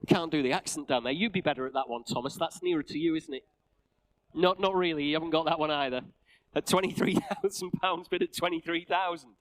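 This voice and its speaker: A man with a Northern English accent calling bids at a live car auction, with rapid patter and jokey asides. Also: fairly high pitch, fairly bright tone, poor audio. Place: auction sale room.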